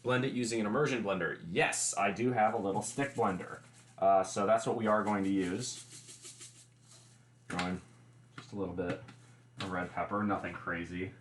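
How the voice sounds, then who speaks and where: A man's voice: lowish voice, steady tone, moderate pace, pauses often, reverberant, slight background noise. A man hosting a casual cooking livestream, chatty and explaining each step with wry asides, recorded in a home kitchen. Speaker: livestream host.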